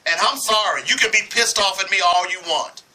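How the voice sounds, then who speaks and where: A man's voice: sits high, a little fast, bright, forceful tone, a little hiss or hum, poor audio. A man from Arkansas giving impassioned sports commentary, heated and preachy, hammering points with repetition.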